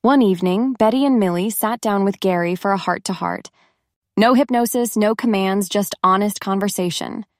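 A woman narrating a scripted story in an even, measured way. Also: mid-range voice, no echo, studio quality.

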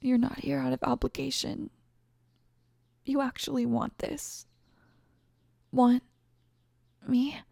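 A woman playing a gravelly, insecure pregnant ex-bully. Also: sits high, little pitch movement, takes it slowly, pauses often, no room sound, studio quality. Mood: tender. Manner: emotional, defensive then tender, soft confessional asides. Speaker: audio role-play performer. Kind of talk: listener-directed audio role-play.

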